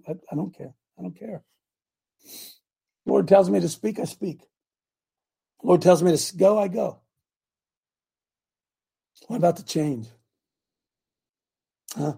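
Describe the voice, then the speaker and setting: A man's voice: fairly high pitch, creaky, dark tone, breathy edge. A man hosting a radio show, preaching in an emphatic, rambling way with many asides.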